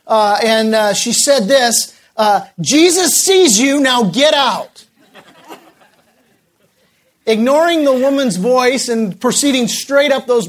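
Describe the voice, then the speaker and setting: A male pastor preaching a sermon, telling a story with many filler pauses and slowing down for emphasis. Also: very high-pitched.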